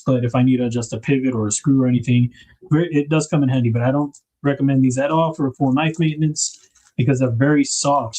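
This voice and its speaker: A man's voice: mid-range voice, mellow, poor audio. A man hosting a knife livestream, chatting casually and rambling as he unboxes gear. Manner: laid-back, rambling, thinks aloud with fillers.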